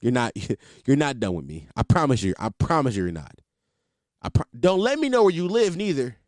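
A man's voice: mid-range voice, wildly swooping pitch, brisk, a little mellow, dry recording, studio quality. A young man telling comic stories in a loose, slangy way, laughing often and swearing freely. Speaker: comedian. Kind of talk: casual comedic storytelling.

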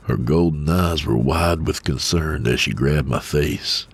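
Very deep husky male narrator. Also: measured pace, hardly any pauses. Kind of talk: first-person horror story narration. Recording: soft music under voice.

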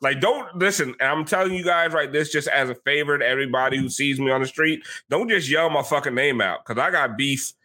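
A man hosting a sports podcast, telling stories in a casual, animated way with plenty of swearing. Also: medium pitch, fairly quick, hardly any pauses. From South Florida. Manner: animated storytelling with profanity. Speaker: podcast host. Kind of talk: casual chat.

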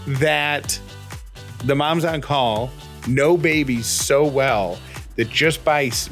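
A man co-hosting a podcast, telling a story casually with an animated, expressive delivery. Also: mid-range voice. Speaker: podcast co-host.

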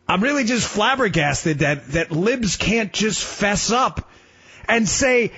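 A middle-aged man filling in as a talk radio host, delivering a fast, sarcastic, rambling political monologue. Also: high-pitched, sing-song, fairly bright tone, slightly rough. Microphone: studio microphone. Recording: slightly muffled radio broadcast.

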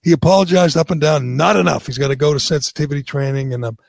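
A man's voice: a little high, steady tone, fast talker, vocal fry, darkish tone, dry recording. A man hosting a talk radio show, blunt and heated, often repeating himself as he argues his point. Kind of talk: opinionated talk radio chat.

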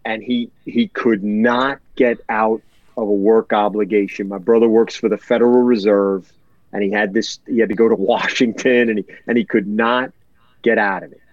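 A man's voice: fairly low pitch, fairly even intonation, normal speed, no room sound, dull audio. A man telling a heartfelt personal story in a podcast chat, earnest and emotional, repeating words for emphasis.

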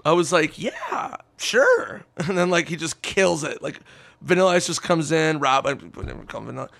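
A man spins a raucous anecdote in loose, profane chat, slipping into other people's voices as he goes. His voice is gravelly and sits a bit high. The room sounds dry and close. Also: a little fast, no room sound. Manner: animated, swearing, acts out quotes. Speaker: podcast guest. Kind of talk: casual storytelling chat.

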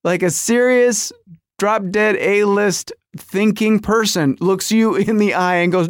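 A man's voice: high-pitched, slow, dry recording, studio quality. A middle-aged man hosting a podcast, telling a comic story about his marriage with exaggerated quoted voices. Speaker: podcast host.

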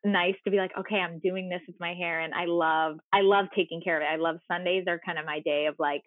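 A woman's voice: fairly low pitch, steady tone, fast talker, dry recording. A woman in casual chat, talkative and supportive, heard over a call. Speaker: stage performer. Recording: tinny phone-like dry line.

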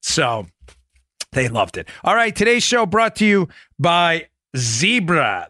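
A man hosting a radio talk show, animated and jokey, with quick asides to his producer. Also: on the high side, no room sound. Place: home studio in Florida.

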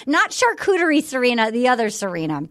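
A woman hosting a podcast in casual chat, animated and quick to act out what others said. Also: a little high. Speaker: podcast host.

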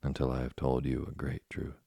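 A man with a husky, gravelly voice reading the lines of a patient, preachy old male cricket in an audiobook. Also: a bass voice, normal speed, no echo, studio quality, exaggerated voice. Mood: calm, preachy. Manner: calm and preachy.

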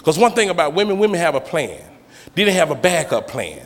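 Male comedian doing stand-up, lively swooping voice, big reverberant club, crowd loud behind him. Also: on the high side, a little fast. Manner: animated storytelling, slangy, acts out characters. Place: comedy stage before a live audience. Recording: live club hall with crowd noise. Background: audience laughter.

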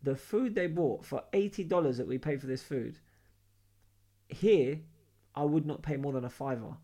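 Animated London man telling stories. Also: on the high side, normal speed. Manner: animated storyteller, slangy. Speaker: podcast co-host. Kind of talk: casual chat.

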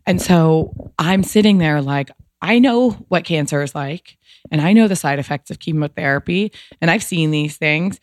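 A woman's voice: deep voice, moderate pace, a little mellow, dry recording, clean studio sound. A woman in her thirties, a podcast guest, telling a personal story candidly and emotionally, swearing casually and filling with "like".

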